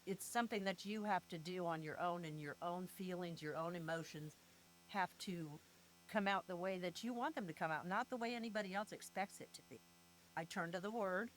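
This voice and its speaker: A woman's voice: lowish voice, brisk, soft background music, rough recording. An older retired woman speaking earnestly and from the heart in an interview, leaning on her faith and family. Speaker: grieving mother and guest.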